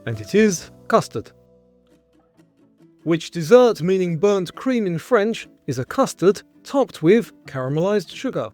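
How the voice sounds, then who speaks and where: Male quiz host, animated delivery, measured question reading. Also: high-pitched, faint music behind. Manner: reads questions and answer choices in a clear, measured way. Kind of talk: scripted quiz show presenting.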